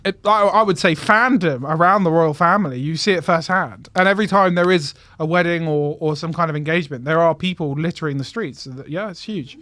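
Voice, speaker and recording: A young man co-hosting a casual comedy podcast, playful and quick with jokes. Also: a little high, sharp tone, dry recording. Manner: playful, laughs a lot, quick quips. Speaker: podcast co-host.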